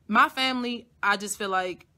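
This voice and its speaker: A young woman vlogger telling a personal story to her audience in a blunt, profane, animated way. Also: medium pitch, normal speed. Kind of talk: casual storytelling to camera.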